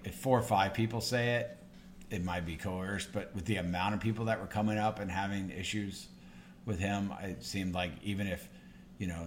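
A man with a Midwestern American accent co-hosting a podcast in casual chat, explaining things in a measured way with frequent hesitations. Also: low voice, a little hiss or hum. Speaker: podcast co-host.

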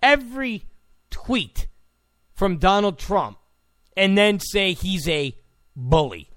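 A man's voice: high voice, animated, slow pace, fairly bright tone, dry recording. A man hosting a talk radio show, ranting in a sarcastic, mocking, abrasive tone.

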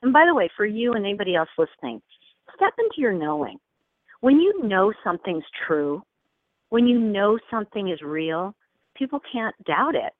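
Speaking from her home studio over a dry, tinny, phone-like line with no room sound, this fifty-something New Yorker, a psychic and spiritual teacher, is a casual interview guest. She's an expressive storyteller who laughs readily and voices the people she quotes, at medium pitch and moderate pace.

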